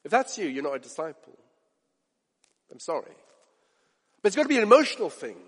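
Male preacher, impassioned sermon, high pitch, swings from loud to hushed, hall reverb. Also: very animated, fairly quick, slightly rough. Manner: passionate, direct questions to listeners, swings from loud to hushed.

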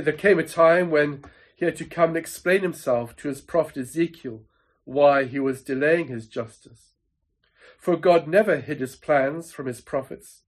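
A man preaching a sermon in an earnest, emphatic way, building rhythm through repetition. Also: medium pitch.

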